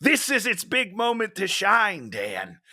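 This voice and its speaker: A man in casual podcast banter, his voice bright and a little high, swooping up and down as he rants in disbelief about what he's watching. He talks right into a close mic in a dry, deadened room. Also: takes it slowly, no echo. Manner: animated, incredulous ranting with frequent laughs. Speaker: podcast co-host. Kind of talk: casual comedic movie review chat.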